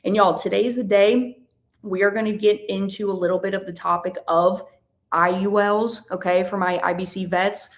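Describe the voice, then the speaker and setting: Brief: American woman host, mid-pitched, animated and emphatic, educational podcast monologue. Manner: emphatic, animated, drawn-out stressed words, rhetorical questions.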